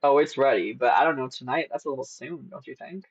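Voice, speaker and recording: A man's voice: mid-range voice, fast talker, gravelly, slightly rough, dry recording. A man streaming casually and teasing a chatbot, playful and giggly. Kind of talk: casual live-stream chat. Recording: slightly dull lo-fi sound.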